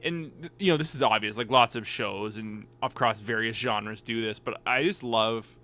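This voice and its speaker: A man's voice: on the low side, normal speed, pushed and bright. A man co-hosting a casual anime podcast, rambling and hesitant, often trailing off and starting again. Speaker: podcast co-host. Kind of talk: casual chat.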